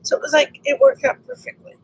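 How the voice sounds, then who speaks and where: A woman telling a personal story in a casual monologue, animated and acting out the conversations she had. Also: quick pace, slight background noise, poor audio. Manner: animated, re-enacts conversations, frequent restarts.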